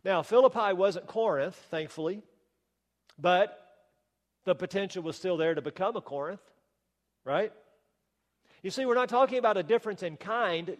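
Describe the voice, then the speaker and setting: A man preaching a sermon as pastor, emphatic and rhetorical, with touches of wry humor. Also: sits high. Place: church sanctuary. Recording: long reverb of a church hall.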